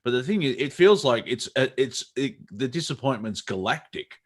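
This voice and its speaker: A man's voice: mid-range voice, animated, normal speed. Male comedy co-host, loose rambling banter, often laughing.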